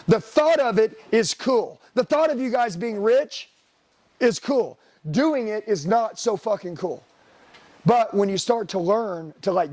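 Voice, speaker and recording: A middle-aged sales trainer with a high, slightly mellow voice gives a motivational seminar talk. He's blunt, profane, and hard-driving, firing rhetorical questions at the room.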